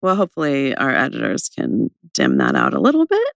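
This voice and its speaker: A young woman co-hosting a podcast, her voice gravelly with vocal fry after a cold. She talks in a bubbly, chatty way, and her pitch swings up and down a lot. The sound is close and dry. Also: wildly swooping pitch, brisk, no room sound. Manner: bubbly, chatty, laughing often. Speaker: podcast co-host. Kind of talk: casual chat.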